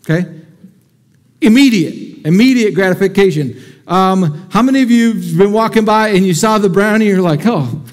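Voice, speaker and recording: Pastor guy with a high voice preaching, chatty, keeps asking the crowd questions. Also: normal speed. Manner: energetic, conversational, asks the congregation questions. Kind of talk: sermon. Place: church sanctuary before a congregation.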